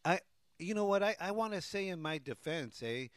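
A man's voice: sits high, animated, moderate pace, no room sound, studio quality. A man co-hosting a casual podcast, loose and joking with lots of fillers. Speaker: co-host.

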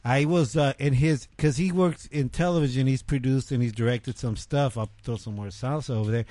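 A man's voice: mid-range voice, brisk, dark tone, dry recording. A middle-aged man joking and teasing as a guest in a casual interview chat. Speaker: radio show co-host, interview guest.

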